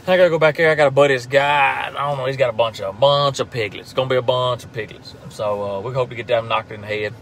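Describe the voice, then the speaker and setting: A man's voice: mid-range voice, fast talker, few pauses, fairly bright tone, slight background noise. A man with a Southern US accent chatting casually on a live stream about hunting, in a laid-back drawl full of fillers and laughs. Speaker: turkey hunter and call maker, social media host.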